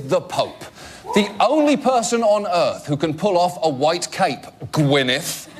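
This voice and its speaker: A man's voice: high-pitched, animated, normal speed, heavy background noise. A man hosting a comedy show, delivering a sarcastic, mock-outraged monologue to a live audience. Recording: loud studio audience laughter. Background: studio audience laughing.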